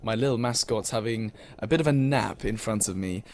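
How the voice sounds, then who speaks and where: A man's voice: on the low side, a little fast, a little mellow. A young British man as a radio DJ, reading listener messages in a polite, casual way with many fillers. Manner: polite, filler-heavy, many thank-yous.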